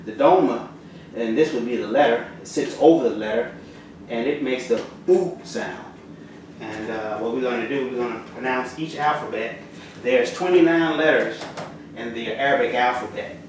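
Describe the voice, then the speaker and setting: A man teaching the Arabic alphabet in a halting, casual way, with lots of fillers and slow, clear letter drills. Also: medium pitch. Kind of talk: casual spoken lesson. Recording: roomy echo from far off, audible noise.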